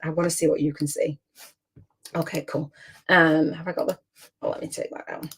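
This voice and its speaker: A middle-aged woman, coaching over a video call. Her voice sits a little low. She talks in a warm-hearted, rambling way, often restarting her sentences. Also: flat delivery, normal speed, husky. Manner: chatty, emotional, rambling with frequent restarts. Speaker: business coach and host. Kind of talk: casual online coaching session.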